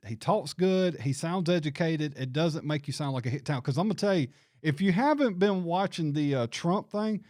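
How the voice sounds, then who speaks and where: A show host chats casually in a fairly high, darkish-toned voice, rambling with frequent restarts and laughs. It's a casual livestream conversation, recorded dry with clean studio sound.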